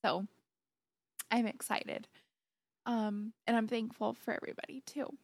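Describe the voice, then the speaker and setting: A woman's voice: a little high, fairly even intonation, measured pace, dry recording. A woman guest on a podcast, talking casually and gushing with emotion, close to tears. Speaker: podcast guest, host's fiancée. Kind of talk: casual chat.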